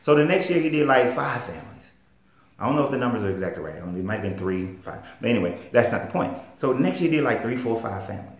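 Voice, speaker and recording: A man's voice: medium pitch, very animated, fast talker. A man with a Southern US accent, a life coach telling stories in a plain-spoken, emphatic motivational monologue. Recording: roomy echo.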